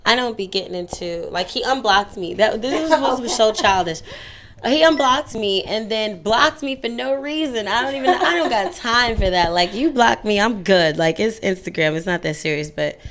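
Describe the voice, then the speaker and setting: A woman's voice: on the high side, animated, moderate pace, few pauses, a bit bright. A young woman as an interview guest, chatting candidly and telling stories, sometimes slipping into playful voices. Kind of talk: casual interview chat.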